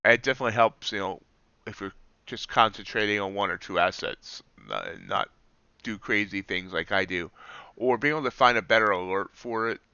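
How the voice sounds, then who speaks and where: A man's voice: lowish voice, brisk, pushed and bright, clean tone, dry recording, dull audio. A man live-streaming his trades, chatting casually and joking at his own slips as he explains the charts. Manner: chatty, self-deprecating, explains trades while watching charts.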